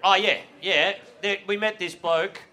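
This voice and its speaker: Aussie bloke rambling through a sweary story live on stage, bright voice, keeps laughing. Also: male voice, sits high, fairly even intonation, a little slow. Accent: Australian. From Australia. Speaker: guest comedian. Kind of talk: live comedy podcast storytelling. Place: live venue before an audience.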